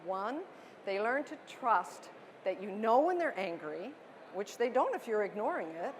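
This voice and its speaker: A woman's voice: mid-range voice, big pitch swings, measured pace, a little hiss or hum. A middle-aged woman giving an earnest, emphatic parenting talk to an audience at a book expo. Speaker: parenting author and speaker. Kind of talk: presentation to an audience.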